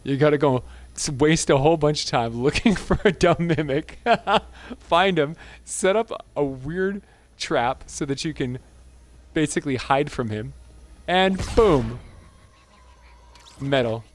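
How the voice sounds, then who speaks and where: A man's voice: fairly high pitch, measured pace, long pauses. A man hosting a gaming channel, giving casual gameplay commentary in an amused, chatty way and laughing often.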